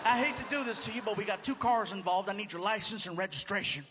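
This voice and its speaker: A seasoned male highway cop, easygoing and amused, speaking low and unhurried, as a high-voiced man puts him on. It is caught on a live stage with a long hall echo and a steady room hum behind. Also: close to an everyday voice. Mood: stern.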